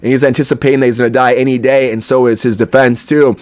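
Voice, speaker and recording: A man's voice: mid-range voice, little pitch movement, fast, a little mellow. A man hosting an entertainment news show, giving casual, opinionated commentary with frequent asides to his viewers. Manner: chatty, opinionated, lots of fillers and asides to viewers.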